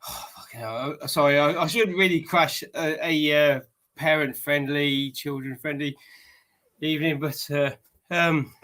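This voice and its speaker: A man's voice: fairly high pitch, steady tone, measured pace, a bit bright. A middle-aged man with an English accent, out of breath and cheerfully tipsy, dropping in to say hello. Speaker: guest's father dropping in.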